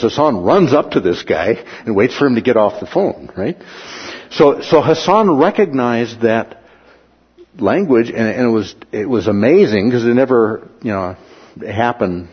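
A man preaching a sermon, telling stories with lively asides and reading scripture aloud. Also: medium pitch, husky, lo-fi sound. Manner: animated storytelling with asides.

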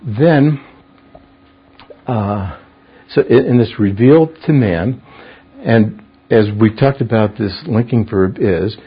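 A man leads a Bible study in a husky, deep-set voice, working through word meanings at an unhurried pace. He checks in with his class by asking them questions. The recording is dull and lo-fi. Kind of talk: verse-by-verse Bible study teaching.

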